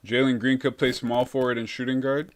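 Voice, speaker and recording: A young man hosting a relaxed live stream, reading viewer comments and calling everyone bro. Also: medium pitch, brisk. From Canada. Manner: laid-back, calls everyone bro.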